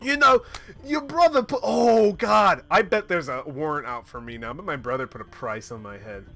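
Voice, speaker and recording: A man narrating his solo tabletop game in casual chat. He is excitable and swears freely, with a lot of laughing. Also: medium pitch, normal speed, vocal fry, soft background music. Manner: excitable and profane, laughing often.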